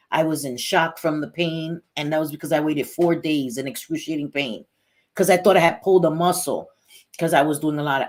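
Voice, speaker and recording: A middle-aged woman hosting a casual livestream, chatting bluntly, swearing freely and greeting viewers by name. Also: low voice. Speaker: livestream host.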